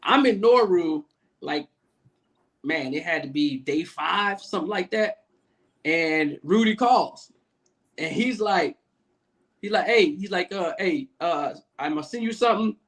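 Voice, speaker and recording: High-voiced man rambling through a story. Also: a little slow, pauses often. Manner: relaxed, rambling storytelling with fillers. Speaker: podcast guest, Navy command master chief. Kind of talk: casual storytelling chat.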